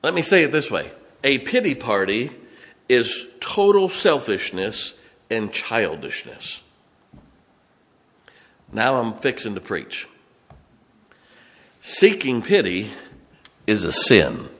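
Preacher booming in a reverberant hall. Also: male voice, very animated, takes it slowly, pauses often. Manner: swings from quiet, low asides to loud, emphatic exhortation. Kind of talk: sermon. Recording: long reverb of a large hall.

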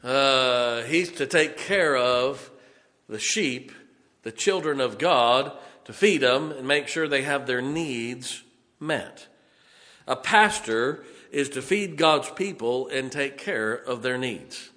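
Male pastor, sermon, bright tense voice, folksy storytelling, echoing church hall. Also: medium pitch, slow pace. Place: church sanctuary. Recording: long reverb of a church hall.

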